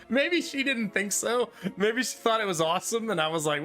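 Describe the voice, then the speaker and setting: A man in his thirties streams a card game and chats casually with viewers, laughing often over faint game music. His high voice is animated, bright, and forceful, delivered at a measured pace.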